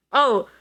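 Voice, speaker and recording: Casual woman reading aloud on stream. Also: bright, forceful tone. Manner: casual, swears, laughs at herself. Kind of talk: live-stream read-aloud with asides.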